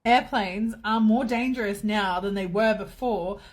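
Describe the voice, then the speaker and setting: A woman's voice: medium pitch, measured pace. Indignant woman in a video rant. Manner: indignant and impassioned. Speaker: social media creator. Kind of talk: social media video rant.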